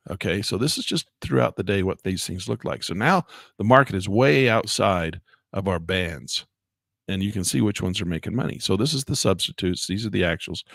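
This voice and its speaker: Gravelly animated male trading instructor. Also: no echo, studio quality. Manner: chatty, grumbles at software, voice jumps high when exasperated. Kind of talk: live trading lesson.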